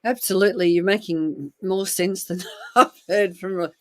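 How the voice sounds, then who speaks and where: A woman's voice: lowish voice, steady tone, normal speed, a bit bright, no echo. A woman hosting a casual conversation, answering with brief, affirming replies. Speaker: host.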